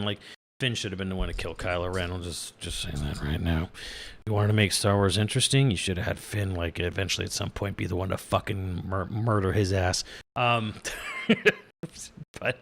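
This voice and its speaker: A man's voice: sits low, normal speed, creaky, fairly bright tone. A young adult man giving a casual, exasperated review, swearing freely and laughing as he rambles. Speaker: video reviewer. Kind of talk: casual rant.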